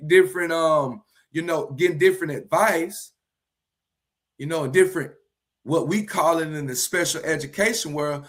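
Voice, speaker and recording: A man teaching from the Bible in a livestream, earnest and repeating key phrases slowly for emphasis. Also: on the high side, fairly bright tone.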